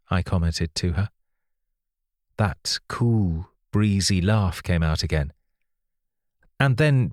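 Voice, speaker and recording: A man reading a first-person audiobook in a measured, wry storytelling manner. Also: sits low, dry recording, clean studio sound. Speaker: audiobook narrator.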